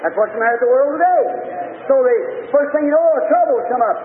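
A man preaching a fervent sermon, telling a story and rising to shouts, recorded in a church hall on an old tape. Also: very high-pitched, fast, narrow, tinny audio, a little hiss or hum.

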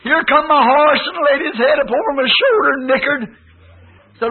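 A man's voice: extremely high pitch, measured pace, slightly rough. A man preaching a fervent sermon, recounting a vision. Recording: tinny lo-fi old tape.

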